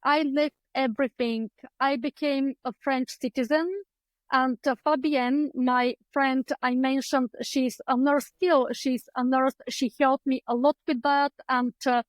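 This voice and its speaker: High-voiced woman with Eastern European accent. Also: steady tone, measured pace, dry recording, rough recording. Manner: chatty, acts out her own past thoughts, many fillers. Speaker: guest, clinical psychologist. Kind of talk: conversational interview storytelling. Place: home room lined with books. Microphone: video call.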